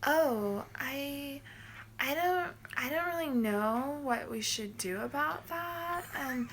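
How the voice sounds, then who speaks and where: A flustered young receptionist, as a woman puts her on, stumbles and trails off in a raised, bright voice. She sounds unsure of herself and keeps hedging. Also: sits high, animated, takes it slowly, slight background noise, voice pushed up, full character voice. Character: hesitant unhelpful young female receptionist.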